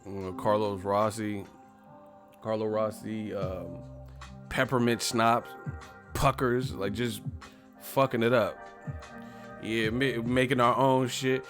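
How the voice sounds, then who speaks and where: A man in his thirties talks loosely on a live stream, full of profanity, rambling from one thought to the next. His voice sits fairly low. Faint music plays underneath. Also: steady tone, takes it slowly, pauses often, fairly bright tone. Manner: profane, rambling, laughs often. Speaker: boxing stream host. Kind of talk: casual live-stream chat reading comments.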